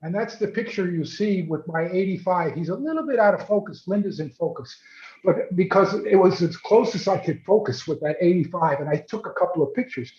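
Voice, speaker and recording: Male photojournalist, raised pitch, chatty anecdote with restarts, echoey lo-fi call audio. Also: a little fast. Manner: animated, repeats words, restarts often. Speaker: photojournalist guest. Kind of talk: casual storytelling on a video call. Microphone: video call. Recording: roomy, dull video call audio.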